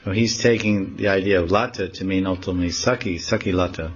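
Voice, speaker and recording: A man's voice: deep voice, fast, lo-fi sound, faint music behind. Man telling a devotional story. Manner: animated, acting out dialogue. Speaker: monk teaching scripture.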